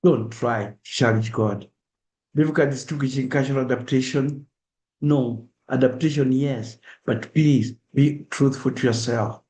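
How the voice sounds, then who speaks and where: A man's voice: medium pitch, unhurried, darkish tone. Earnest Kenyan man in an echoey room. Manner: earnest, emphatic, urging listeners. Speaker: speaker. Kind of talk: public talk.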